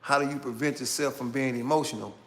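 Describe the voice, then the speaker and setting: A middle-aged man hosting his channel, talking in a slow, casual street style and tagging phrases with "man" and "right?". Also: mid-range voice, steady tone, fairly bright tone. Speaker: channel host. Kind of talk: casual commentary monologue.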